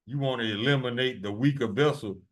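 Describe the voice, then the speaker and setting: A man's voice: mid-range voice, brisk, a bit bright. A man preaching fiery sermons, reading verses aloud in solemn tones and then taunting his enemies with profanity.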